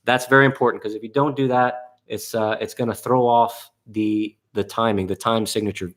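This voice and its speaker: Low-voiced male guitar teacher, casual. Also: fairly even intonation, moderate pace. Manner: casual, many fillers and restarts. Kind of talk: live online guitar class.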